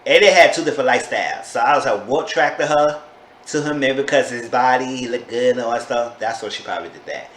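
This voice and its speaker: A man's voice: fast, a bit bright. Chatty man recapping in an echoey room. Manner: gossipy, exclaims in sudden high-pitched disbelief. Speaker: TV show reviewer. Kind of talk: casual chatty recap vlog. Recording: echoey room with faint background noise.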